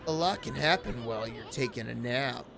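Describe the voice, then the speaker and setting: A woman's voice: rumbling low, animated, vocal fry, full character voice. A woman voicing a boastful, sleazy little male bug artist in a video game. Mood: cocky. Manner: boastful, brash, fast-talking. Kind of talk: reading game dialogue aloud. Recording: game music behind.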